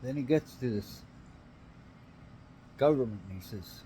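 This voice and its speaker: A man's voice: mid-range voice, unhurried, dark tone, slight background noise, low-quality recording. A man in a rambling, profane solo rant who repeats himself for emphasis.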